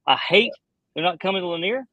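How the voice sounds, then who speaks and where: A man who fishes bass professionally, chatting casually on a live stream and rambling with lots of fillers. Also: animated, fairly quick, pushed and bright, dry recording, poor audio. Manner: rambling, heavy on "you know" fillers.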